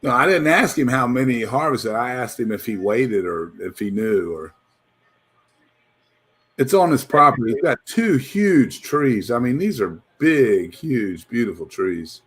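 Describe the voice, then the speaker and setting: A man hosting a casual live chat, lively and rambling, laughing often. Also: medium pitch, a little slow.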